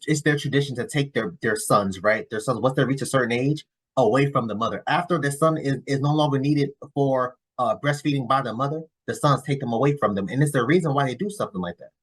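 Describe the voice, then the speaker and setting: A husky-voiced man talks straight at his viewers in a casual reaction video. He is blunt and swears freely, circling back through restarts as he makes his point. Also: medium pitch. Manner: blunt, cursing, rambling with restarts. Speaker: YouTube commentator reacting to a clip.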